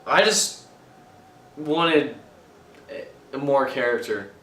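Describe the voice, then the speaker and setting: A man co-hosting a casual movie review podcast, skeptical and blunt, with quick agreeing interjections. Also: medium pitch, expressive, sharp tone, a little hiss or hum. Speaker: podcast co-host. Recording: roomy, distant mic.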